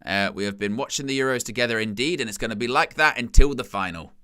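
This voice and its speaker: Joking football watchalong host. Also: male voice, medium pitch, fast talker, bright, forceful tone, smooth. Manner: jokey, laughs often, reads out chat. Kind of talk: live match watchalong commentary.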